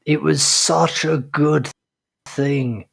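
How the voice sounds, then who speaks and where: A man's voice: fairly high pitch, fairly even intonation, very slow, gravelly, a bit bright, husky. A man co-hosting a live political talk show, dropping wry, joking asides. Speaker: co-host.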